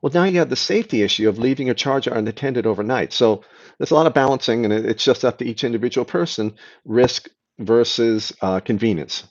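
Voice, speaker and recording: A man's voice: mid-range voice, a little fast, dull audio. A man hosting a live stream, casually answering chat questions and explaining things patiently, often restarting his sentences.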